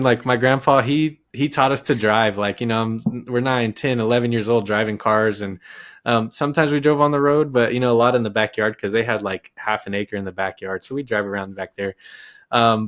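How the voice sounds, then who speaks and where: A man in his thirties from Texas, a podcast guest telling a childhood story in a lively, casual way with many restarts. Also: medium pitch.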